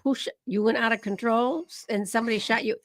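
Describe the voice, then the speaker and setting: A woman's voice: on the high side, steady tone, fast talker, fairly bright tone, no room sound. A woman co-hosting a casual streamed talk, listening supportively and asking questions. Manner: supportive listener, brief affirmations. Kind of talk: casual chat.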